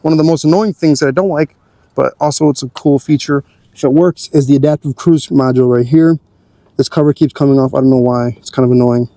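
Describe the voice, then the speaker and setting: A man's voice: medium pitch, steady tone, fast talker, mellow, no room sound. A young man hosting a car channel, giving an easygoing, chatty walkthrough of his car's features.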